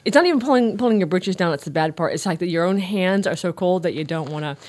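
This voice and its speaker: A woman's voice: lowish voice, expressive, quick pace, a little mellow. A woman hosting a frank podcast in a large sound studio, bawdy and blunt, laughing easily with her co-host. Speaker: podcast host, sex writer. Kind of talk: casual chat. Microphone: old-school studio mic.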